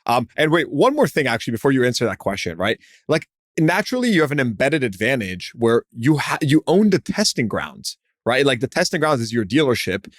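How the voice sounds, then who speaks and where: A man hosts a podcast in a loose, chatty manner, full of "you know" and "like" and quick asides. His voice is mid-pitched and recorded dry and close. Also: big pitch swings, no echo. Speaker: podcast host. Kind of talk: casual interview talk.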